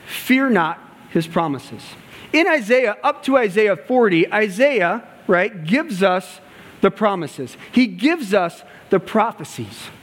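A man preaching a sermon, telling a story and acting out the dialogue, moving between loud passages and hushed ones. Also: sits high, expressive, slow pace. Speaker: pastor and gymnastics coach. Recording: long hall reverb.

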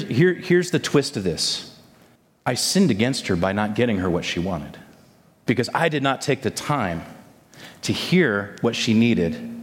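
A man's voice: medium pitch, in a large hall. A man preaching a sermon as a pastor, reading scripture and then telling a story in an earnest, emotional way with stammered restarts. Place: church sanctuary.

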